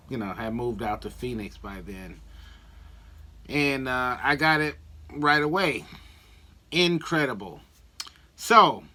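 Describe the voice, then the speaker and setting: A man from Milwaukee telling a story about a record he collected, in a casual, animated way, acting out the dialogue he quotes. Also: mid-range voice.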